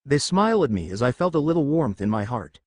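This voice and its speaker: A man's voice: medium pitch, very animated, quick pace, darkish tone, no echo, studio quality. A man narrating a first-person fan fiction story and reading every character's lines in his own voice. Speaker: fanfiction narrator.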